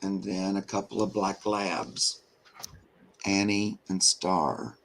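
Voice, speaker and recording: A man co-hosting a casual live stream, relaxed, reading out viewer comments. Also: deep voice, slow. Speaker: co-host.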